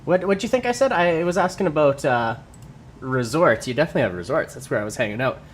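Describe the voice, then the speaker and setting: A man's voice: on the high side, expressive, fast talker, slight background noise. A young man chatting casually on a livestream from his home workout space, reading viewer comments aloud and answering them. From Canada. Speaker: livestreamer and lifter.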